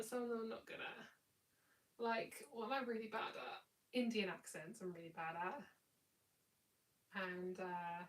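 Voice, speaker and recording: A woman's voice: medium pitch, far from the mic, poor audio. A tired woman giving a live tarot reading in a chatty, rambling, affectionate way. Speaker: tarot reader.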